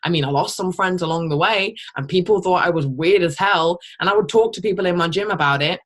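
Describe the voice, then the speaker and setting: Young woman, team leader on a call. Low voice, blunt, rambling, swears casually. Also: a little fast, a bit bright. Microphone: call microphone.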